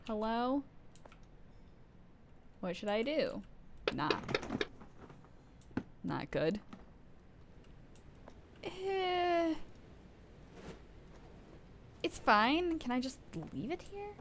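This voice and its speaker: A woman's voice: on the high side, very animated, slow pace, long pauses, slight background noise. A woman streaming a game live, rambling and poking fun at herself while chatting to her viewers, with sudden startled outbursts. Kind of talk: casual live gameplay commentary.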